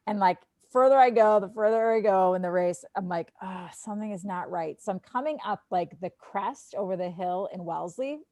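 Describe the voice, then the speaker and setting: A woman in her thirties, a sports TV host, telling an animated story on a podcast full of "like" and quoted asides. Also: mid-range voice, normal speed, few pauses, no echo. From Wisconsin. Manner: animated, lots of "like", quotes herself. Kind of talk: casual storytelling.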